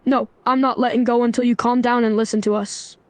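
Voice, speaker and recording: A woman's voice: a little high, flat delivery, a little fast, no echo, lightly acted. Synthetic woman voicing a stern young man. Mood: scolding. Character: stern young man trying to stop a fight. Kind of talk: AI role-play chatbot voice.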